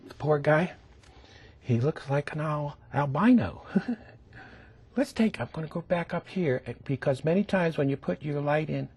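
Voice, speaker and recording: Soft-spoken, slow painting teacher, husky. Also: male voice, on the high side, no echo. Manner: gentle, often dropping to a whisper while demonstrating strokes; coaxing, keeps asking the viewer to look. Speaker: painting instructor. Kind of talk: televised painting lesson.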